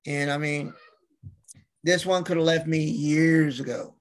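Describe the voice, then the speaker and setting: A man's voice: fairly high pitch, steady tone, measured pace, gravelly. A man in casual chat, telling rambling stories and acting out what people said. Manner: rambling storyteller, acts out quotes. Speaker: podcast guest.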